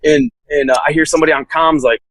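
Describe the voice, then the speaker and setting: A relaxed man with a drawl tells a long story the casual way, leaning on fillers and chuckling as he goes. His voice sits a bit high for a man. The sound is dry and close. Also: fast, no room sound, low-quality recording. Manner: laid-back, lots of "like" fillers, laughs while telling. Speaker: podcast guest, SWAT officer.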